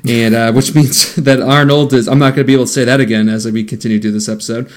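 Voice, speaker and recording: A man's voice: mid-range voice, fairly even intonation, fast talker. A man casually recapping a film's plot for friends, joking and laughing mid-sentence. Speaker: podcast co-host recapping a film.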